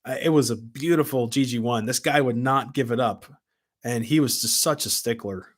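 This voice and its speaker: A man's voice: medium pitch, normal speed. Chatty American man hosting a rambling live stream. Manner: rambling, chatty, reads and answers viewer comments. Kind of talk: casual live-stream chat. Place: home room with model trains. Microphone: camera mic at his desk.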